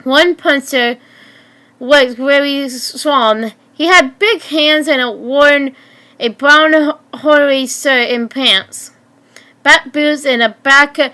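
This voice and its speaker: A woman in her twenties reading her own story aloud in a halting way, often stumbling and restarting words. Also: high-pitched, pushed and bright. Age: 20s. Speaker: story narrator.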